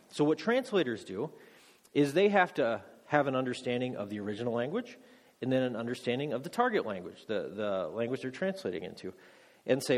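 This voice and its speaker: In a large hall with a long echo, a married father preaches a teaching sermon, his mid-range voice carrying a darkish tone. This adult man quizzes the congregation and makes self-deprecating jokes.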